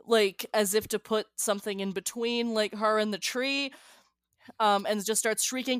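A woman's voice: mid-range voice, steady tone, measured pace, fairly bright tone, smooth, no echo, studio quality. A woman player chatting casually at a tabletop game.

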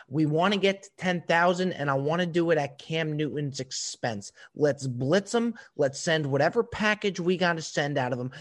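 A man co-hosting a podcast, telling a story to his co-host in an animated, profane way. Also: a little high. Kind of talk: casual storytelling chat.

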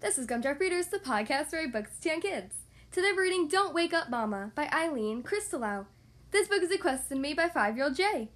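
Very high-voiced woman reading to kids. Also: very animated, a little fast, a bit bright. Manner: upbeat, friendly, clearly paced for young kids. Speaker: podcast host reading to kids. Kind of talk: children's storybook read-aloud.

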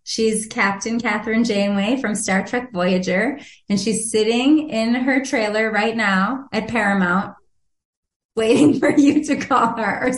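A woman guest and author telling a personal story in an interview, animated, laughing often and acting out the voices she quotes. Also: fairly high pitch, a little slow, roomy sound.

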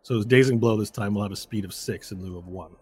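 A man serving as game master narrates a tabletop game, walking through moves, dice rolls, and rules step by step with fillers and self-corrections. He talks fast in a fairly low, slightly mellow, husky voice.

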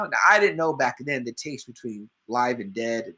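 A man's voice: medium pitch, animated, a little fast, sharp tone. A man co-hosting a podcast, chatting casually about comedy movies, rambling, swearing often and a little tipsy. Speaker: podcast co-host.

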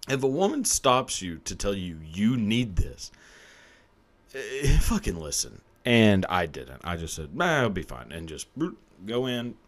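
A man's voice: lowish voice, sing-song, a little slow. A man telling a confessional story on his podcast in a casual, rambling way, swearing freely and laughing often. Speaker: podcast host.

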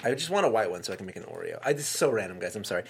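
A man co-hosting a casual chat, telling stories in an animated, jokey way. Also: fairly low pitch, rapid-fire, gravelly, slight background noise. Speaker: podcast co-host.

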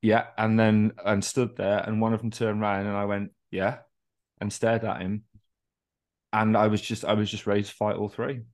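A man's voice: fairly low pitch, level tone, moderate pace, darkish tone. A man co-hosting a podcast, telling long candid stories with swearing, restarts and self-deprecating asides. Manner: candid, rambling, profane storytelling with restarts. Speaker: podcast co-host. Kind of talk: casual podcast chat.

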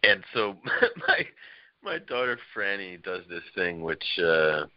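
A man's voice: deep voice, slow pace, no room sound, lo-fi sound. A man chatting casually as a podcast guest, rambling and laughing as he tells family stories. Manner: rambling, laughing, lively storyteller. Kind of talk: casual chat.

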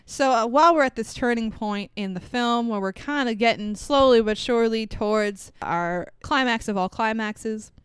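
Chatty woman podcaster, crisp dry voice. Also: on the high side, moderate pace, few pauses, dry recording. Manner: chatty, swears freely, laughs often. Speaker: podcast co-host. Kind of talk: casual movie recap chat.

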